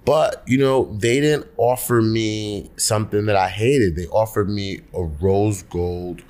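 Male podcast guest, lowish voice, relaxed rambling chat. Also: measured pace. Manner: loose, filler-heavy storytelling. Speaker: podcast guest, music entrepreneur. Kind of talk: casual chat.

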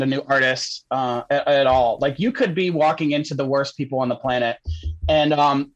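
A man's voice: a little high, a bit bright, no echo, rough recording. A young man telling a story as a podcast guest, casual and rambling, laughing often and saying "like" a lot.

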